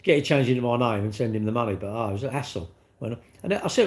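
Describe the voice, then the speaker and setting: A man's voice: medium pitch, animated, quick pace. Chatty British man ranting on a livestream. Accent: British English. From United Kingdom. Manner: chatty, rambling, acts out little dialogues. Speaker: livestream host. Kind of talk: casual livestream chat.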